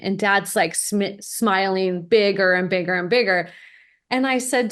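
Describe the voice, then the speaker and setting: A woman's voice: mid-range voice, normal speed. A woman hosting a podcast interview, telling an anecdote and acting out the people in it. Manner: storytelling, acts out quoted voices. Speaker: podcast host, college advisor. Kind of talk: conversational interview.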